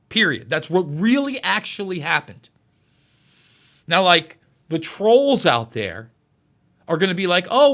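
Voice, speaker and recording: Man, live news commentary host, high lively voice, bright tone, emotional, stammering restarts. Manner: emotional, repetitive, stumbles over words.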